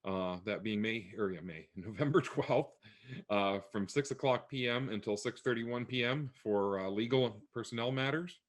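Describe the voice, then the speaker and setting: A man's voice: on the low side, moderate pace. Man, board chair, procedural, many uhs. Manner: plain, filler-heavy procedural talk. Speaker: school board president.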